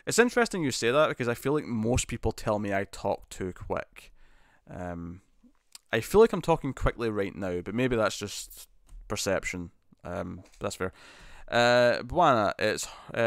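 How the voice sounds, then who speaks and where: A man's voice: fairly low pitch, a bit bright, no room sound. A young man hosting a casual live stream, reading viewer comments aloud and answering them with frequent ums and laughs, into a studio mic with a pop shield. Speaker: host.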